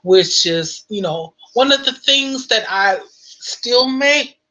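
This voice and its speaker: Bright, unhurried American woman storyteller. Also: a little high, poor audio. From United States. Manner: animated, laughing, heavy use of "you know". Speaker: vlogger. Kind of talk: casual storytelling.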